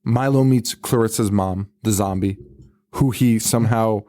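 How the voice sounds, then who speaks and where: A podcast co-host recaps a horror movie in casual chat, swearing freely and acting out the characters' lines with animated delivery. His voice is fairly low at a moderate pace, recorded in studio quality with no room sound.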